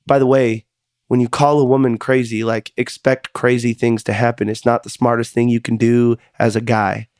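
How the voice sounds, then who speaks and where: A man in the middle of the pitch range tells his own story on a podcast. He speaks in an earnest, confessional way and sometimes doubles back on his words. The recording is dry and close. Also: darkish tone, no room sound. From United States. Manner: earnest, confessional, repeats words when emotional. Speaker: podcast host. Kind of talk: personal storytelling monologue.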